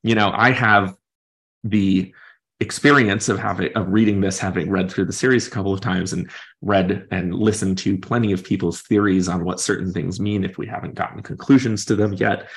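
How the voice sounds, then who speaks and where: A man's voice: low-pitched, fairly even intonation, normal speed, vocal fry, a bit bright. A man hosting a podcast, thoughtfully discussing a book and retelling its chapters at length in his own words. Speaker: podcast host.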